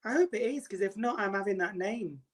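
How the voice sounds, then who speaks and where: A woman's voice: medium pitch, lively intonation, a little fast. A middle-aged woman hosting a makeup live stream, theatrical and self-mocking, greeting viewers by name.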